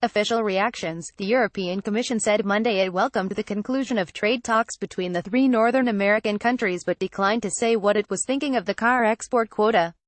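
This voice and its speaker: A woman reads a trade-policy newsletter as scripted news, her delivery measured and even. Her voice is medium-pitched, and the recording is dry.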